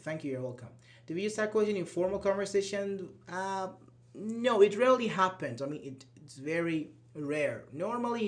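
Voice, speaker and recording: Male grammar teacher with a raised pitch, unhurried and explanatory, live class feel. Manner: explains patiently, reads example sentences aloud, frequent restarts. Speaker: English teacher.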